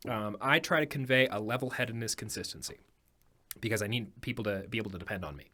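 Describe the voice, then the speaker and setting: A man guesting on a studio podcast, musing aloud with frequent ums and pauses. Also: lowish voice, pushed and bright. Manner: thoughtful, hesitant, many ums. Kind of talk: casual chat. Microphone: studio microphone.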